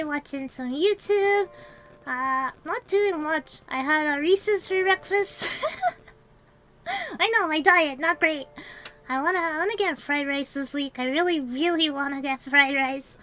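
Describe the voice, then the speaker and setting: A woman's voice: high-pitched, bright, forceful tone, rough recording. A woman VTuber chatting casually on a livestream, rambling and giggling as she answers her chat. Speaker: VTuber streamer.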